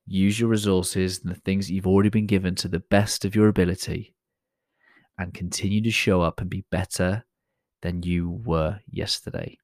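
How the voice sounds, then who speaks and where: Man, low voice, dry close sound, chatty motivational host. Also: level tone, normal speed, a little mellow, no room sound. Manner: chatty, self-deprecating, frequent fillers and restarts. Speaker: podcast host. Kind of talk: casual motivational monologue.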